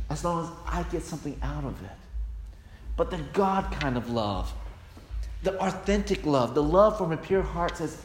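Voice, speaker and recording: A man's voice: on the high side, expressive, normal speed. A male pastor preaching a sermon with emphatic, repeated refrains, recorded in a church hall. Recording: echoey hall with long reverb, faint noise.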